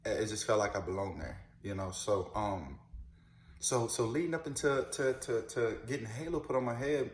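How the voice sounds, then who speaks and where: A man's voice: lowish voice, normal speed. A man in his thirties from New Orleans, telling his own story casually to camera, with lots of "you know" and "man" and repeated words. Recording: roomy echo.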